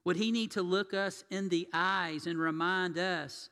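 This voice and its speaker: A man preaching a sermon as pastor, telling stories and swinging between loud and hushed delivery. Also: high voice, fairly even intonation, measured pace, hardly any pauses, clear, resonant tone. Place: church sanctuary. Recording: long reverb of a church hall.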